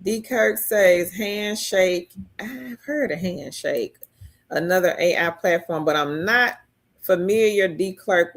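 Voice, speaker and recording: A woman hosts a casual live stream, reading out viewer comments and answering them chattily. When she gets excited, her pitch jumps high.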